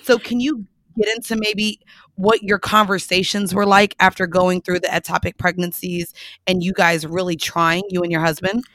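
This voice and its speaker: A woman's voice: fairly low pitch, little pitch movement, normal speed, a bit bright, no room sound, studio quality. A woman hosting an interview, asking probing, thoughtful questions. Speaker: host.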